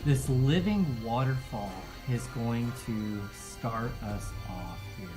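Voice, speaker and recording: Slow-narrating game master over music. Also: male voice, mid-range voice, big pitch swings, rough recording. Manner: deliberate narration with frequent laughter.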